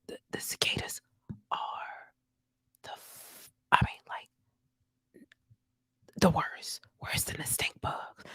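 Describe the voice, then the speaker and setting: A woman host giving whispered news commentary in a husky whisper, animated and profane, repeating herself for emphasis. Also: medium pitch, dry recording. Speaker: channel host.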